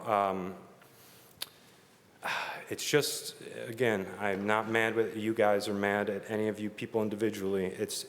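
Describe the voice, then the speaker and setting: A man giving an earnest, halting public comment at a council meeting, speaking emotionally. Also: medium pitch. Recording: reverberant meeting hall.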